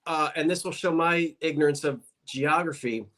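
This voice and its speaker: A man with a South Jersey accent chats through a home livestream, his voice sitting a touch high. He greets viewers by name, asks curious questions and often restarts his sentences. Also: normal speed, fairly bright tone. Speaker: livestream co-host. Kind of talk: casual live-stream chat.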